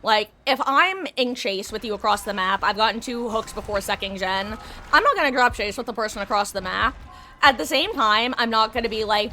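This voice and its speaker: Bright-voiced woman streamer chatting. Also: mid-range voice, brisk, a little hiss or hum. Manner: rambling, candid, swears casually. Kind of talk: casual chat while gaming.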